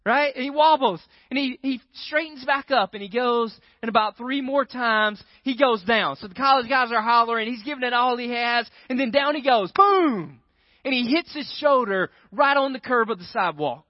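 A man's voice: very high-pitched, normal speed, no echo. A man preaching a sermon, telling a story with animation and checking in with the crowd. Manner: animated storyteller, keeps asking the crowd "right?". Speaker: pastor. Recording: dry, dull lo-fi sound.

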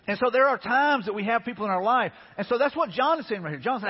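A man's voice: sits high, animated, very fast, hardly any pauses, breathy edge, in a large hall, muffled recording. A man preaching a sermon as a pastor, talking to the congregation in a loose, conversational way with repeated asides. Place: church sanctuary.

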